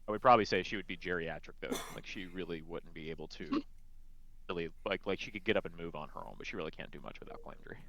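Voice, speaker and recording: A man describing his character's actions in a tabletop game, halting with frequent ums and restarts. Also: low voice, fairly bright tone, rough recording. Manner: hesitant, many ums and restarts. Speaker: player.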